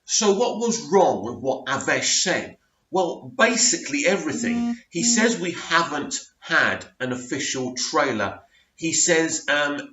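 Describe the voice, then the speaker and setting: A man hosting a casual fan news show, talking in an opinionated, emphatic way. His voice is bright and forceful. The sound is a little dull and bounces around an echoey room. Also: a little high, sing-song, a little slow. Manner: opinionated, emphatic, reads tweets aloud. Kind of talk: casual commentary to camera.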